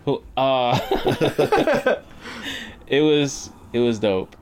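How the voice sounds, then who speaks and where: A man co-hosting a casual movie review, calmly retelling a scene and quietly acting out lines. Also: medium pitch, very slow, smooth. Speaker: podcast co-host.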